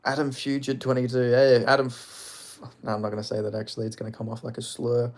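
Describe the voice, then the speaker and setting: A man's voice: mid-range voice, steady tone, rapid-fire, a little mellow. A young man, chatting casually and crudely on a live stream, rambling with lots of fillers.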